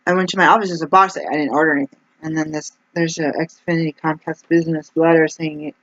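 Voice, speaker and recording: A low-pitched woman with a fairly bright tone and fairly even intonation talks fast, with no room sound. She's vlogging, rambling chattily to camera with lots of "like" and restarts. The recording is dull, lo-fi and faintly noisy.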